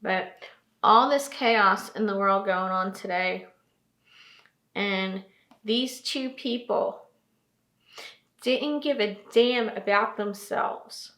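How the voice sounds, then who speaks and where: A woman from New Jersey giving a heartfelt vlog monologue, slow and earnest, repeating phrases for emphasis, tearful and emotional. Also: medium pitch, bright, forceful tone, echoey room. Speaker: trucking vlogger.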